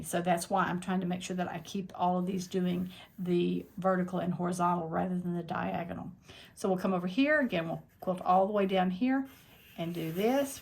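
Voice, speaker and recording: Gravelly low-voiced woman teaching quilting. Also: a little mellow. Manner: thinks aloud while demonstrating, plain and practical. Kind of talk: step-by-step tutorial. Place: quilting workspace at a longarm machine.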